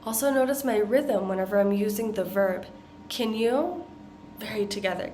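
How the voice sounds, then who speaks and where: A woman with an American accent teaching pronunciation, modeling tongue twisters slowly and deliberately. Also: medium pitch, darkish tone, a little hiss or hum. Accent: General American. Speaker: accent coach. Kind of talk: pronunciation lesson.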